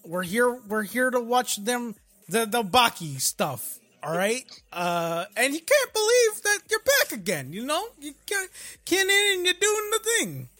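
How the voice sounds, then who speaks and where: A man putting on a slow, rambling impression of a male podcaster, halting and drawn out. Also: very high voice, wildly swooping pitch, pushed and bright, no echo, soft background music, exaggerated voice. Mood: drawling.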